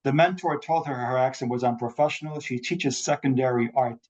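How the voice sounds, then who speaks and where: A man giving an academic talk over a video call, measured and explanatory. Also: mid-range voice, a little mellow, dull audio. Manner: measured lecturing, quotes examples. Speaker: academic speaker. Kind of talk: online forum talk.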